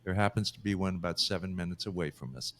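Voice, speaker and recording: A man's voice: low-pitched, fast talker, fairly bright tone. A man from Southern California telling stories as a podcast co-host, chatty and laughing often. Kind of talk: casual chat.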